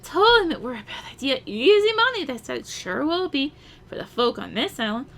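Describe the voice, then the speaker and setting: A woman's voice: high voice, sing-song, moderate pace, vocal fry, fairly bright tone, heavily acted. A woman voicing a grumbling drunk male sailor in a slurred drunk accent.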